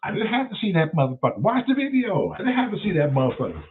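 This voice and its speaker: A man hosting his own show, telling stories in a profane, animated way. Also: high voice, fast, a little hiss or hum. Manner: profane, animated, loud storyteller. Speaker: show host. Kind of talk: casual livestream storytelling. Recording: tinny phone-like sound.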